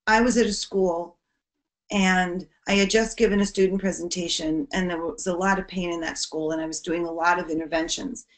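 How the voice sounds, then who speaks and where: A woman giving an earnest educational presentation to teachers on bullying prevention, her voice dropping soft at serious points. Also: lowish voice, fairly even intonation, moderate pace.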